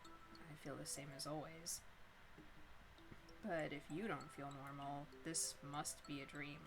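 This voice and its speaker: A calm, aloof ghost boy, voiced by a woman, speaks in measured, matter-of-fact lines from a visual novel. The delivery stays quiet and unbothered over clear game music. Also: sits low, voice pushed down. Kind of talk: reading a visual novel aloud.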